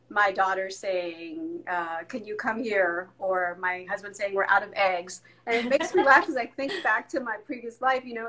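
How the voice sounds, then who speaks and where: A woman in her forties, a guest chatting casually in an interview and telling lively stories about family life. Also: medium pitch, rough recording. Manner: animated storyteller, acts out family voices.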